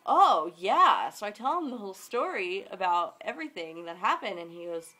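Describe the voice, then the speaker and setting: A woman's voice: medium pitch, very animated, a little fast, a bit bright. Chatty young woman telling a story. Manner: chatty, dramatic retelling with quoted voices. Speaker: vlogger. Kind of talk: casual storytelling vlog.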